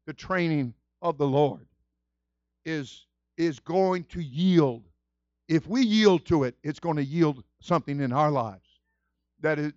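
A man, a senior pastor, giving a conversational sermon and telling stories with lively asides. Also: a little high, dry recording, highs cut off. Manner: animated storytelling, acts out quoted voices.

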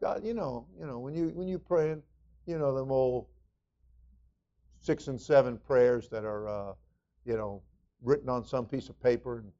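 A man's voice: mid-range voice, moderate pace, pauses often, mellow, dull audio. A man preaching a sermon as pastor, folksy and conversational with emphatic rising bursts.

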